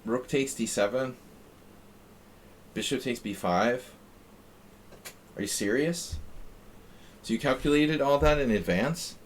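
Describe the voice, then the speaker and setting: A man's voice: mid-range voice, slow pace, pauses often, slight background noise. A man streaming chess, chatting casually and reading his moves aloud as he thinks. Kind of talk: casual live-stream chat while playing.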